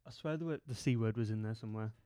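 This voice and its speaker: A man's voice: on the low side, rapid-fire, warm tone, dry recording. A young man telling a self-mocking story in casual chat among friends. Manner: rambling, self-mocking, laughs at his own story. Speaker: podcast guest.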